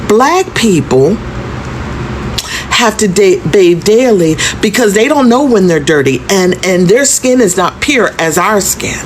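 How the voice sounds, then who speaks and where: A woman voicing a calm elderly woman in her seventies or eighties, who talks slowly and patiently as if teaching. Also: mid-range voice, background noise. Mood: matter-of-fact. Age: 70s-80s. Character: elderly white woman, calm and matter-of-fact.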